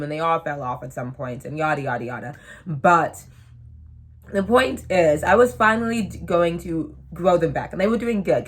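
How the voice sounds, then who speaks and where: Woman in her twenties, casual vlog chat, lowish voice, rambling self-mocking asides. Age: 20s. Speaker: vlogger.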